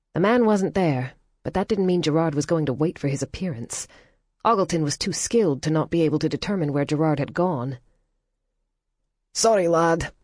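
A woman narrating an audiobook in a measured, even storytelling manner. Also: sits low, dry recording, studio quality. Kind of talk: scripted narration.

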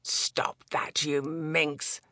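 Narrator doing a gruff hungover knight from an audiobook, low and muted, dry close sound. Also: a little slow, bright, forceful tone, no echo.

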